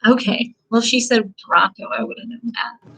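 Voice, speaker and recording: A woman's voice: a little high, fairly even intonation, moderate pace, vocal fry, fairly bright tone, slightly rough, poor audio. A woman from the Midwest chatting casually as a beauty vlogger while she gets ready, rambling and saying "like" often. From American Midwest. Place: home, Kansas City.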